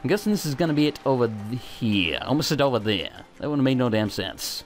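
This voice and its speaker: Sweary excitable let's play guy. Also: mid-range voice, a little fast. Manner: sweary, self-mocking, excitable. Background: faint game music.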